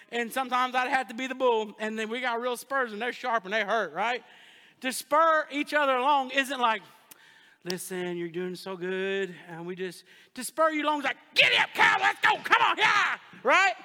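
A man preaching from the pulpit of a large church, his voice high and bright, with a folksy, animated delivery. He keeps calling out to the congregation, and a long hall reverb trails behind every phrase. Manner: folksy, animated preaching with audience call-outs. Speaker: pastor. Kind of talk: sermon.

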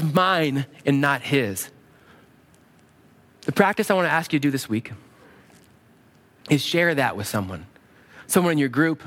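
A man preaching a sermon as a pastor, animated and acting out quoted prayers in a raised voice. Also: fairly high pitch.

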